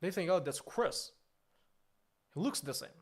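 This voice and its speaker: A man's voice: high voice, expressive, measured pace. A man playing a pompous, boastful, easily offended company boss on a comedic livestream, talking in an indignant, grandiose way.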